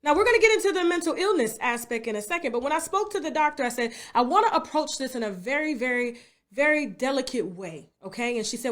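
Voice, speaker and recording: Brief: high-voiced woman host, animated rant full of tag questions. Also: fast talker. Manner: animated, repeats tag questions like "okay?" and "you understand?". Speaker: YouTube commentary host. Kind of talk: livestream rant to viewers.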